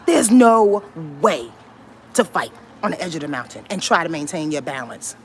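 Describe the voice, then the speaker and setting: A woman astrologer hosting a casual livestream on her handheld phone, talking in an animated, profane and emphatic way and repeating her points. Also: mid-range voice, a little fast, a little hiss or hum. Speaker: astrologer hosting a weekly rundown. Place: moving through a building.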